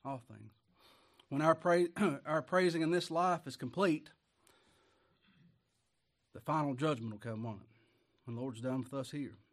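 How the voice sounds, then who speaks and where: Country preacher from Kentucky, folksy, keeps asking the congregation questions, booms on the verses. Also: male voice, measured pace, long pauses. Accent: Appalachian Kentucky. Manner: folksy, asks the congregation rhetorical questions, rises loud on scripture. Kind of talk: sermon.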